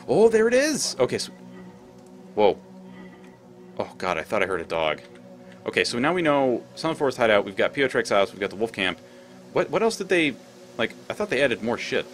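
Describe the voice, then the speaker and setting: A man's voice: on the low side, big pitch swings, fairly quick, pauses often, fairly bright tone, faint music behind. Rambling, swearing let's-play man. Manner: rambling, swears freely, thinks aloud. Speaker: gameplay commentator.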